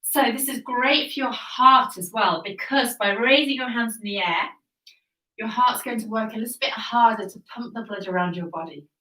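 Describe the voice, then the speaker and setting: A woman's voice: a little high, normal speed, recorded from a distance. Pilates teacher woman in an echoey room. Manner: encouraging, calm cueing with breath counts. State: slightly out of breath. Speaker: Pilates instructor. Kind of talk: guided workout instruction.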